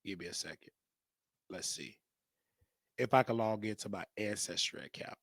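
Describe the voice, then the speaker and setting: A man's voice: on the low side, moderate pace, gravelly, a bit bright, no echo, studio quality. A man hosting his own show, talking casually and rambling, joking and thinking aloud as he goes. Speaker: show host. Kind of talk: casual live-stream monologue.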